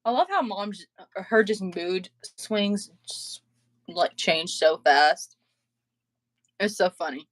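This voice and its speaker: A woman's voice: fairly low pitch, lively intonation, slow pace, dry recording. Woman streamer, casual storyteller, loose and laughing, dry close mic. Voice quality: filler-heavy, laughs often while telling stories. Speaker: livestream host. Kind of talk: casual chat.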